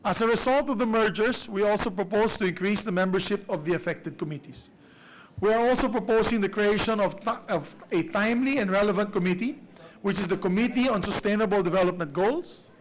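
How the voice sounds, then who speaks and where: High-pitched man on the floor. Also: brisk, rough recording. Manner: formal, with frequent hesitations. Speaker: majority leader. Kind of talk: formal parliamentary floor speech. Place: legislative chamber.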